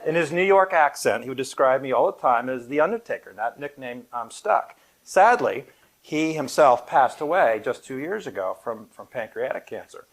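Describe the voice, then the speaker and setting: A middle-aged man speaks to a gathered audience as a funeral director, easing into stories with light humor. His pitch sits in an ordinary middle range, and his delivery stays conversational and unhurried. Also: lively intonation. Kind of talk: live public talk to an audience. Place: event room at a funeral home, with an audience present.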